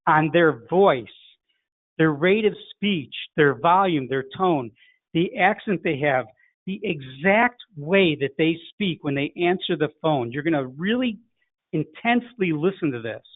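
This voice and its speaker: Unhurried and expressive, the middle-aged man's voice runs on the high side, carrying a Chicago accent from his hometown. He coaches a sales lesson bluntly, role-playing phone greetings. There's no echo; the audio is dry and tinny like a phone.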